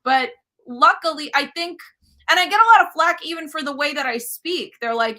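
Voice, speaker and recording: A woman's voice: high voice, normal speed, sharp tone. A woman in her thirties, a cooking show host from the United States, talking frankly and emphatically as a guest in a casual interview. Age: 30s.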